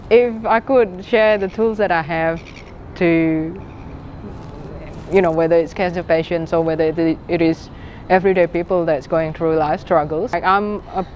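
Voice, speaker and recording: A woman's voice: fairly low pitch, a little mellow, slight background noise. A woman interviewed in a recorded feature, talking earnestly with fillers.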